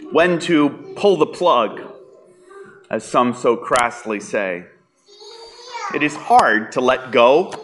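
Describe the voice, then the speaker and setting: A man preaching a sermon, slow and deliberate, with dramatic pauses. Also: mid-range voice, a bit bright, a little hiss or hum. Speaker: pastor.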